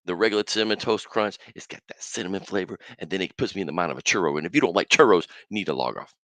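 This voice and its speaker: A middle-aged man hosting a casual solo podcast, animated and slangy, with bursts of loud excitement. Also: deep voice, very fast, hardly any pauses, no room sound. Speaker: podcast host.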